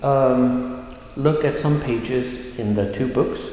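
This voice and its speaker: Slow-talking male teacher in an echoey hall. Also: medium pitch, dark tone, a little hiss or hum. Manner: slow, careful explaining with drawn-out model words. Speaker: language teacher. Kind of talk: recorded language lesson.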